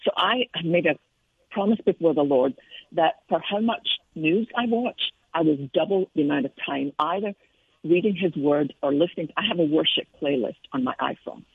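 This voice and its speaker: A woman's voice: sits low, moderate pace, slightly rough, no room sound. A middle-aged woman with a Scottish accent, speaking earnestly as an interview guest, telling personal stories about faith. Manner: earnest, reflective storytelling. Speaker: Christian author and speaker, guest. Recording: tinny phone line.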